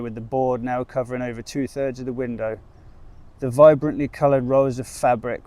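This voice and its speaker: A man narrating a storybook-style tale in a steady, unhurried reading. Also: medium pitch, no echo.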